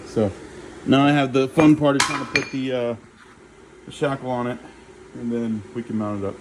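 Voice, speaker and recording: A man's voice: mid-range voice, darkish tone, a little hiss or hum, rough recording. A man casually narrating his own repair work in a home garage, thinking aloud as he goes with plenty of fillers. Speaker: DIY vehicle repair vlogger. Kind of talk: casual how-to narration while working.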